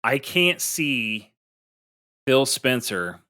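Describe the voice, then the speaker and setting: Bright, chatty podcast man. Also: medium pitch, very animated, drawn-out words, smooth. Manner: chatty, emphatic, restarts a lot. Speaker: podcast co-host. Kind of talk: casual chat.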